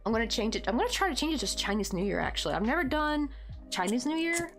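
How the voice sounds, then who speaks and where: A woman's voice: a little high, big pitch swings, fast, a bit bright, faint music behind. A woman from the States with a Southern American accent, chatting casually on a live stream while she crochets, rambling and reading out chat comments. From United States.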